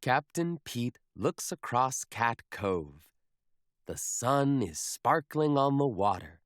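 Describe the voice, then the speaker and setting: Man reading a kids' book aloud, very slow, lively up-and-down voice, dry close recording. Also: mid-range voice, dry recording. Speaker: children's book reader. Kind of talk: storybook read-aloud.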